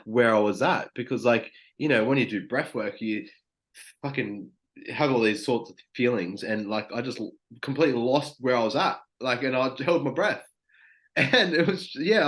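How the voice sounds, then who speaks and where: A young man guest talking casually and openly, peppering his speech with "like" and frequent swearing. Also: mid-range voice. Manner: loose, heavy on "like" and swearing. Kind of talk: casual podcast chat.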